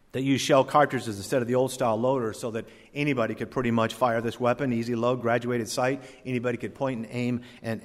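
A man preaching a sermon, swinging from loud emphasis to hushed asides and telling folksy stories. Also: medium pitch. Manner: tells folksy stories with voiced characters. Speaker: pastor. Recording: long hall reverb.

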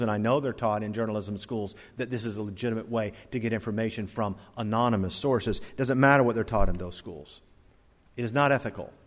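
A pastor preaching an emphatic sermon and then leading a prayer. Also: male voice, medium pitch. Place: church sanctuary. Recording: long reverb of a church hall.

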